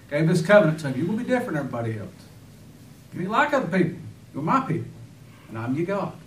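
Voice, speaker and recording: A man's voice: fairly high pitch, big pitch swings, fast talker, far from the mic, slight background noise. Fervent male preacher in an echoey room. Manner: fervent preaching, rhetorical questions, sudden emphatic bursts. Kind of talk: sermon.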